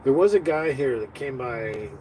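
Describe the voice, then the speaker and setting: A man's voice: mid-range voice, animated, normal speed, warm tone, a little hiss or hum, rough recording. A man hosting a casual live stream from his tiny house. He rambles, stops and restarts often, and uses many fillers. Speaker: livestream host.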